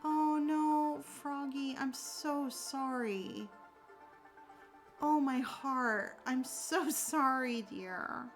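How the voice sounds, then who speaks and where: A woman's voice: high-pitched, extremely slow, soft background music, poor audio. A young adult woman chatting casually with her viewers. She rambles, with many fillers, and answers them sympathetically. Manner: warm, sympathetic toward viewers. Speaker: streamer answering chat. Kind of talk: casual chat.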